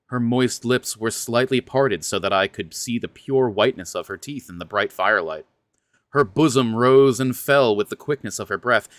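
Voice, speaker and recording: A man's voice: on the low side, a bit bright, dry recording. A man reading a fantasy horror novel aloud, breaking off now and then for chatty, stumbling asides. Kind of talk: dramatic book reading with casual asides.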